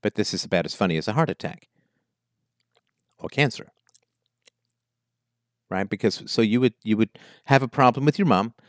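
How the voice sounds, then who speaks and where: A man's voice: lowish voice, expressive, moderate pace, pauses often, dry recording, clean studio sound. A man hosting a call-in advice show, questioning a caller bluntly and emphatically. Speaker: call-in show host, philosopher.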